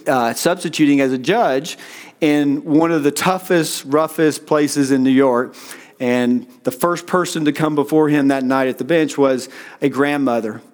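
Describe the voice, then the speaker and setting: A middle-aged man preaching a sermon in a relaxed, conversational storytelling way, with frequent "uh" fillers. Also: mid-range voice. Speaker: pastor.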